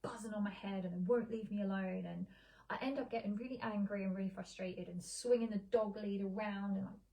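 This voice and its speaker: A middle-aged woman, a meditation teacher, giving a slow, soft, soothing guided meditation and then chatting casually on a live stream. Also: mid-range voice, steady tone, vocal fry, poor audio. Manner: soft, slow, soothing guidance with gentle pauses. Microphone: streaming live on a social video stream.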